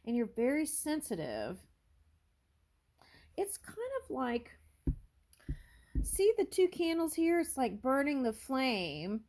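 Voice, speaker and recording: A woman's voice: sits high, big pitch swings, slow pace, long pauses, darkish tone, a little hiss or hum. A woman doing a casual tarot reading, thinking aloud and musing over each card with small exclamations. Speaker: tarot reader.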